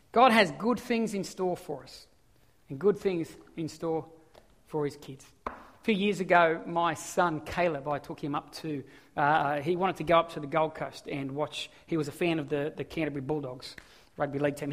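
An Australian man preaching with a bright, forceful voice that sits high for a man. He tells stories in an animated way, and a long reverb trails after him in a church hall. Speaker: pastor. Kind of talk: sermon.

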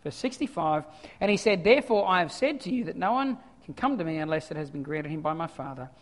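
A male pastor preaching a sermon, swinging from quiet scripture reading to loud animated asides. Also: fairly high pitch, fast, in a large hall.

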